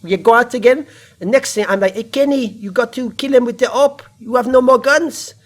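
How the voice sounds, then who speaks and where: A man putting on a high, sing-song voice to mock an excitable young French pro player during a podcast chat. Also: brisk. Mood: excited.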